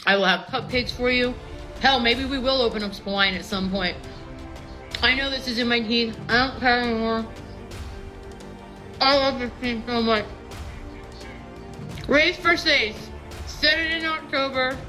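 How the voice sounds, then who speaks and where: A woman in her fifties, out of breath and excited, talking fast and swearing as a sports fan on a live stream. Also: a little high, music in the background, poor audio. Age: 50s. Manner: excited, swearing, laughing between lines.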